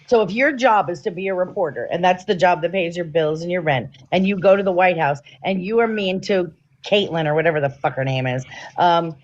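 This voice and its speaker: A woman's voice: lowish voice, muffled recording. A woman in a political chat who argues bluntly, lays out examples and swears freely.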